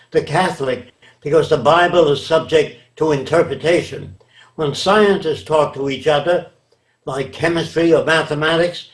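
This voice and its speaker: Older man lecturing emphatically in a roomy space. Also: a little high. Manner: lecturing, emphatic, asks rhetorical checks. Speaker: interviewee. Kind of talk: reflective interview answers. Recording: roomy echo.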